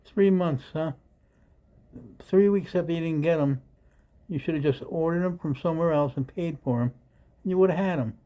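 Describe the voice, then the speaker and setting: Scornful man with a dark voice. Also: on the high side, normal speed, pauses often, rough recording. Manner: scornful, insulting. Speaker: commentator mocking the clip. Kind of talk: sarcastic commentary.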